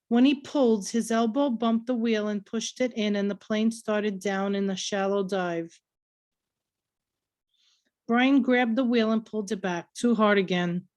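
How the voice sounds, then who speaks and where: A woman reading a novel aloud in a steady, earnest storytelling voice. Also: mid-range voice. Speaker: reader.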